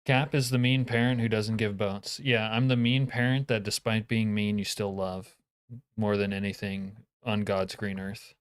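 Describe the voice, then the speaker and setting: A man's voice: lowish voice, little pitch movement, moderate pace, clear, resonant tone. A man live-streaming a game, chatting casually with his viewers, profane and joking, grumbling when things go wrong.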